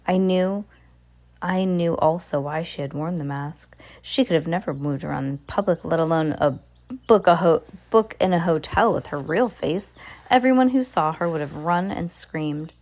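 Low-voiced woman reading a novel aloud. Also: normal speed, a little mellow. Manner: casual amateur reading with stumbles and restarts; asides to a listener beside her. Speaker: reader.

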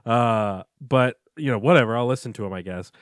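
A man chats on a podcast as co-host, reacting with wry humor and throwaway jokes. He speaks at a middle pitch. The sound is close and dry, with no room echo. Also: brisk. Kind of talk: casual chat.

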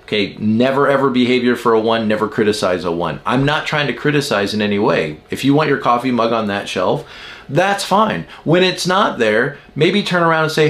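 A man's voice: medium pitch, lively intonation, fairly quick, a bit bright. Guy podcast host just chatting, explains stuff with little stories, pokes fun at himself. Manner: chatty, self-deprecating, acts out quoted people. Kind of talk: casual teaching monologue.

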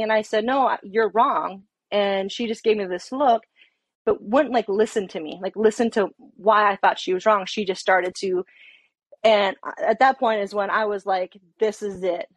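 A woman's voice: medium pitch, moderate pace, no echo. A middle-aged woman and police officer, telling a story in casual talk, swearing and acting out heated quotes. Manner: profane, animated, acts out heated quotes.

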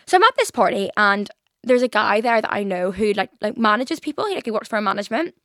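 A woman's voice: medium pitch, animated, quick pace, a bit bright, no echo, studio quality. A young Irish woman hosting her own podcast, rambling through a story in casual chat, full of "like" and frequent swearing. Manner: rambling, lots of "like", swears freely. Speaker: podcast host.

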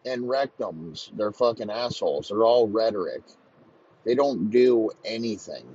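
A man's voice: fairly low pitch, expressive, measured pace, darkish tone, husky. A man ranting crudely and mockingly, swearing constantly in a comedic tirade. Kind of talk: profane comedic rant. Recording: slightly muffled lo-fi recording, faint background noise.

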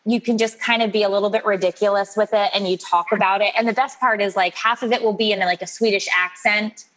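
A woman's voice: medium pitch, steady tone, fast talker, a bit bright, rough recording. Playful storytelling woman in her forties. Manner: storytelling, playful quoted voices. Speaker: guest author. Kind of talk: casual interview chat.

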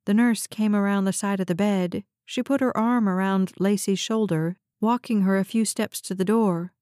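A woman narrating a novel in a steady, even storytelling read, close to the mic. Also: mid-range voice, moderate pace, dry recording. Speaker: audiobook narrator. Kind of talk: scripted narration.

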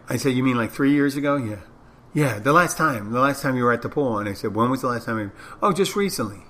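A man's voice: medium pitch, fairly bright tone, a little hiss or hum. A man who works as a bartender, hosting a podcast and telling a rambling anecdote in a casual monologue, acting out both sides of the conversation. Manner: rambling anecdotes, acts out dialogue.

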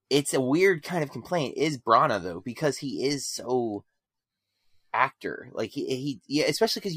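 A man in a casual film review chat, eager and rambling, stumbling over his own sentences. His voice sits at an ordinary pitch. The sound is dry and close, with no room behind it. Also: a bit bright, no echo. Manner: enthusiastic, rambling with frequent restarts.

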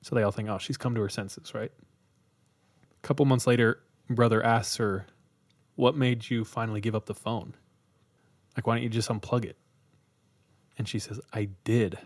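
A man's voice: fairly low pitch, steady tone, moderate pace, pauses often, no echo. A man hosting a podcast, casually retelling a creepy story with quoted voices and easy jokes. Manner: laid-back, jokey, tells stories with quoted voices. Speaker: podcast host.

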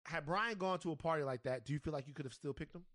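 A man's voice: on the high side, quick pace, a bit bright, no echo, studio quality. A man hosting a podcast, asking playful questions in a casual chat. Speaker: podcast host.

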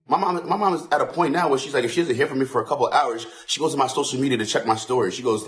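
A man's voice: mid-range voice, animated, fast talker, a bit bright. Impassioned young man, raw and pleading. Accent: New York. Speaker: fitness instructor. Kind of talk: emotional social media video.

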